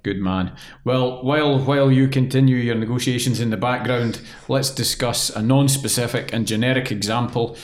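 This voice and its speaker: A man's voice: mid-range voice, steady tone, moderate pace, few pauses. A young man co-hosting a legal podcast, chatty and joking, who explains things step by step. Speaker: podcast co-host, employment lawyer. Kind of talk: casual chat and explaining.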